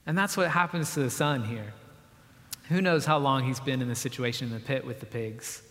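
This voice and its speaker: A man's voice: mid-range voice, brisk, fairly bright tone. A man preaching a sermon in a conversational, explanatory way, sometimes acting out quotes. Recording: long reverb of a hall.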